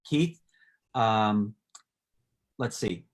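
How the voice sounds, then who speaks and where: Halting male talk-show host. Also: fairly low pitch, lively intonation. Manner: halting, filler-heavy questions. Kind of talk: online talk show interview.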